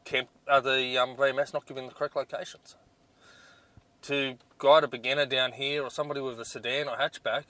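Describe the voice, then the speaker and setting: A man's voice: mid-range voice, pushed and bright. A man reviewing off-road navigation gear in a casual vlog, blunt and exasperated, with lots of ums. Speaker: 4WD touring vlogger.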